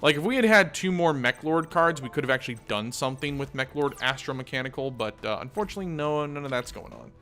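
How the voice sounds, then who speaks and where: A man's voice: mid-range voice, animated, fast, few pauses, pushed and bright, faint music behind. A man hosting a gaming channel, chatting casually and thinking aloud as he plays. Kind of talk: casual let's-play commentary.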